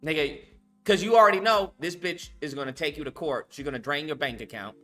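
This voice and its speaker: A man's voice: a little high, a little fast, a bit bright, soft background music. A man hosting a reaction commentary, talking bluntly and mockingly with lots of profanity. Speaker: commentary host reacting to a video.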